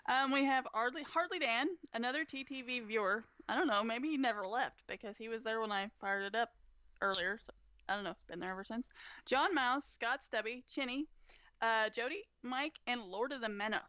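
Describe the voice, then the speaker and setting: Breezy podcast lady, kinda high, bright voice, dry sound. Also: dry recording. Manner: breezy, self-deprecating, laughing asides. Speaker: podcast co-host. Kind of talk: casual podcast chat.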